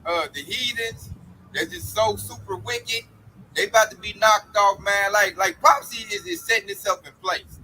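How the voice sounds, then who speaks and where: A man's voice: sits high, big pitch swings, normal speed, sharp tone, faint music behind, low-quality recording. A man preaching in an emphatic, slangy street style about coming judgment.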